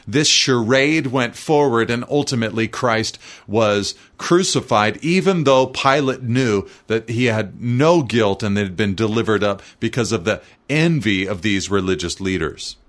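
A man preaching an expository sermon, reading scripture aloud and explaining it in a measured, teaching manner. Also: medium pitch, fairly bright tone.

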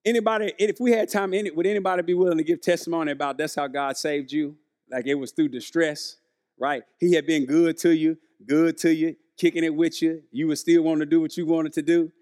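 A man's voice: on the high side, steady tone, a little fast, a little mellow. A male preacher, delivering a conversational sermon who keeps asking the congregation questions and acting out the quotes.

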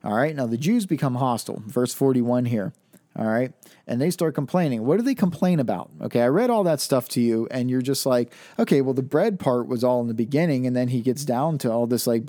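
A man teaches from the Bible, reading the passage out and then explaining it in easy, conversational speech full of rhetorical questions. His tone is warm and mellow. The recording is dry and close, with no room sound. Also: mid-range voice, a little fast, no room sound. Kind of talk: reading scripture aloud and explaining it.

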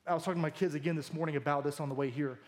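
A man in his thirties preaching a sermon, animated and jokey, acting out the lines he quotes. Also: on the high side, rapid-fire. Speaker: pastor.

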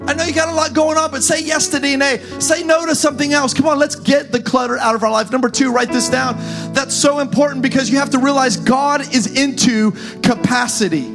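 A man preaching a sermon as pastor, talking the crowd through points and rising into fervent, shouted calls. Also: extremely high pitch, fairly even intonation, a little fast, gravelly, over music.

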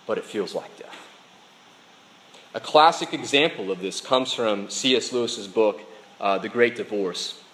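A man's voice: fairly low pitch, measured pace, fairly bright tone, poor audio. A man preaching a sermon, speaking earnestly to his congregation. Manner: earnest preaching, reads a dialogue aloud with voices. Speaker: pastor.

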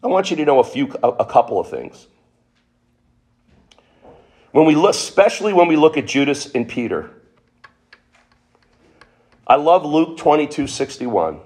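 A man's voice: fairly high pitch, very animated, moderate pace, long pauses, darkish tone. A man preaching a sermon, emphatic, asking the listeners questions and acting out quotes.

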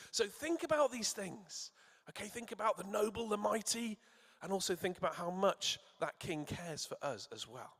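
Man, preacher, sermon in a church, encouraging, asks children questions, bright voice, long reverb. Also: sits high, lively intonation, moderate pace, slightly rough. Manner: encouraging, asks the audience to shout answers. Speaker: church speaker.

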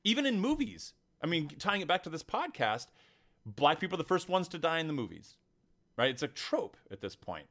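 A man co-hosting a podcast talks fairly quickly in a slightly high voice, his storytelling animated and emphatic as the casual discussion turns heated.

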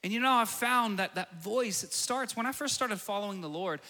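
A young man preaching in a church hall, his voice sitting high and sounding bright and forceful. He moves from storytelling into emphatic declarations. A long reverb trails behind his words. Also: moderate pace. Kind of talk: sermon.

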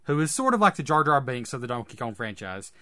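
A man co-hosting a casual podcast, talking through ideas in a relaxed, rambling way. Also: mid-range voice, quick pace. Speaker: podcast co-host. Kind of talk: casual chat.

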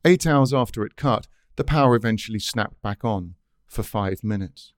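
A man's voice: on the low side, normal speed, no room sound. A man reading his own essay aloud in a dry, wry, scripted narration.

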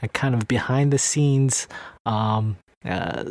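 A man co-hosting a podcast, pitching its membership in a hesitant, chuckling, casual way. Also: slow, darkish tone, no room sound. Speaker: podcast co-host. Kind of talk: casual chat.

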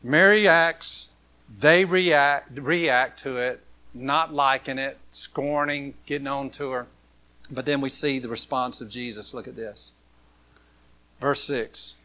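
A man preaching a sermon, swinging from loud, impassioned passages to hushed ones. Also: mid-range voice, fairly even intonation, slow. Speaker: pastor.

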